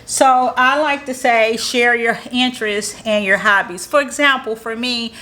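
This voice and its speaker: Woman, marketing coach type; bright, upbeat, motivational tutorial read, repeats her points. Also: fairly high pitch, a little slow. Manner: repeats points in plain, encouraging teaching talk. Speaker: marketing strategist. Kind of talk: casual how-to tutorial to camera.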